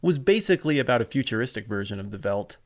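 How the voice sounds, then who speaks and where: A man in relaxed podcast conversation with a dry, teasing wit. He mulls things over out loud and ribs his co-host. His voice sits in an average male range. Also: medium pitch, fast talker. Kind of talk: casual chat.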